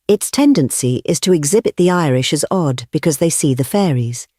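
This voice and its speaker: A man reading an essay audiobook in a measured, deliberate way, pausing phrase by phrase, on a close studio mic. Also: fairly high pitch, lively intonation, mellow, dry recording. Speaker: audiobook narrator.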